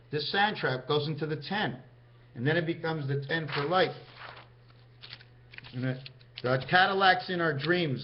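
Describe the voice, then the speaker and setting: A man talking in a meandering vlog monologue, counting out numbers and speaking directly to his viewers. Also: fairly high pitch. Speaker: vlogger. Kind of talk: rambling numerology monologue to camera. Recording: dull lo-fi sound.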